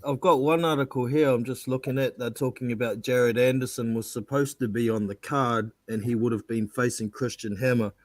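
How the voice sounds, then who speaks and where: A man's voice: mid-range voice, fairly even intonation, a little fast, few pauses, darkish tone, no echo. A man co-hosting a casual boxing chat, agreeable and reading out news items.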